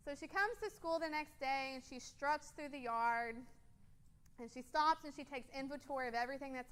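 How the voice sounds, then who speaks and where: A woman's voice: sits high, fairly bright tone, smooth. A woman in her twenties, a guest speaker at a church, telling a personal story over photos in an earnest, casual way with frequent ums.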